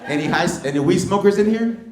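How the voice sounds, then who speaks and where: Brash middle-aged comedian working the crowd. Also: male voice, high-pitched, lively intonation, fast, heavy background noise. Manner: teasing, brash, slangy. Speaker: stand-up comedian. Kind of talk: stand-up crowd work. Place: comedy club stage. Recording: roomy club sound from a distance. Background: audience laughter.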